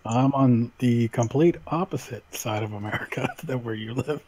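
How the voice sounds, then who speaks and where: A man's voice: mid-range voice, moderate pace, darkish tone. A laid-back man chatting on a stream, swearing casually and saying "man" a lot. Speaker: stream guest. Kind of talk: casual chat.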